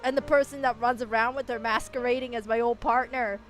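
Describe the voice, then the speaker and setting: A woman's voice: fairly high pitch, steady tone, brisk, faint music behind. A woman streamer giving casual game commentary, chatty and swearing, swinging into emotional rants.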